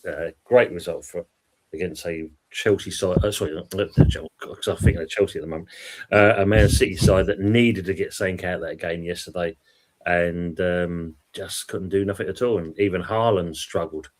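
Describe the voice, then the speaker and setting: Low-voiced guy hosting a football stream, reads out chat comments, easygoing. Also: fairly even intonation, moderate pace. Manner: chatty, reads out viewer comments. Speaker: podcast host reading live chat.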